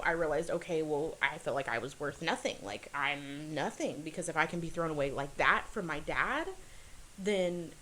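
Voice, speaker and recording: A woman telling a personal story as a podcast guest, earnest and halting, with many fillers and restarts. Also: sits low, a bit bright, a little hiss or hum, rough recording. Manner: earnest, confessional.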